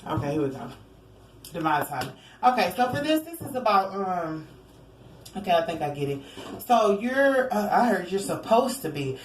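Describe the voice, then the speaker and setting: A woman's voice: mid-range voice, big pitch swings, moderate pace. Chatty woman giving a rambling tarot reading. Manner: rambling, chatty, fillers and asides. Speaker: tarot reader. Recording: echoey room, faint ambience.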